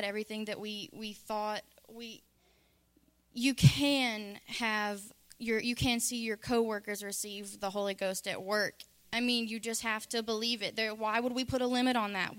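A woman speaks in an earnest church testimony, her voice smooth and clear. Her pitch stays even and level, and she pauses often and restarts her sentences. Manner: earnest, halting with fillers and restarts. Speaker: church member sharing a testimony.

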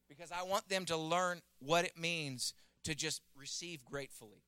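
Pastor, male, thirties; earnest sermon voice, fairly high, dry close sound. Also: normal speed, few pauses, bright, forceful tone, clear, resonant tone, no room sound. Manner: earnest preaching with stories and prayer, rising emphasis.

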